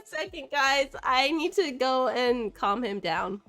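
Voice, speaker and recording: Here a young woman streams from her home kitchen as she cooks, chatting loosely with lots of giggles and filler words. She speaks slowly in a high, slightly bright voice with lively intonation over soft background music, recorded by a camera on a tripod.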